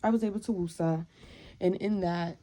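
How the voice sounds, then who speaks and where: A woman's voice: lowish voice, steady tone, normal speed, mellow. A young woman venting to camera in a candid self-help rant, profane and emphatic, repeating lines for stress and dropping into whispers. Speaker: vlogger.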